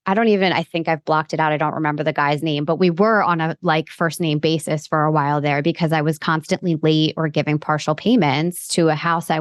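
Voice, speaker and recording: A woman's voice: low voice, no room sound, clean studio sound. A woman financial coach as a podcast guest, telling a personal story candidly and vividly, laughing easily.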